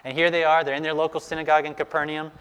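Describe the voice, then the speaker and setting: A male pastor preaching a sermon, telling the story in an animated way and urging his listeners to imagine the scene. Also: fairly high pitch, racing, clear, resonant tone, big-room sound.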